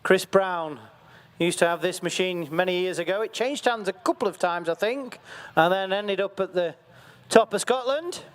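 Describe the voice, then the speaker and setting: A man giving excitable, jokey live commentary at an outdoor event. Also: high-pitched, normal speed, clean tone. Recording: faint outdoor background noise.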